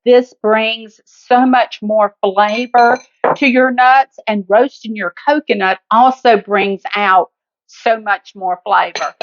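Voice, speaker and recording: A woman's voice: fairly high pitch, dull audio. A woman with a Southern US accent hosting a home cooking demonstration in her kitchen, chatty and homey, talking straight to her viewers. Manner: chatty, homey, addresses viewers as guys and honey. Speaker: cooking show host.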